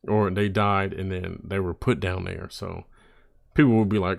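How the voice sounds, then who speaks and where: A man's voice: sits low, flat delivery, moderate pace, gravelly, dry recording, clean studio sound. A man streaming and reacting to videos in a casual, profane, rambling way.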